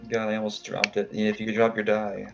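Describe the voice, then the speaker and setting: A man playing a tabletop game, chatting and joking in relaxed banter. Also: lowish voice, fast, gravelly, lo-fi sound, music in the background. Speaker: player. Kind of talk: casual tabletop game chat.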